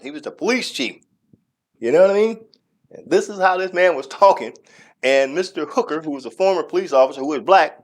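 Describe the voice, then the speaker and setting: A man hosting a church news segment, giving opinionated commentary and talking straight to his audience with scornful asides. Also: a little high.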